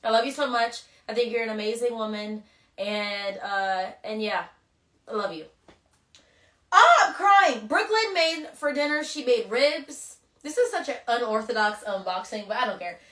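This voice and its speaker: An emotional woman chatting casually on a phone livestream, gushing as she gives shout-outs to friends. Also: on the high side, animated, moderate pace, echoey room, far from the mic. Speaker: reality show contestant hosting a livestream.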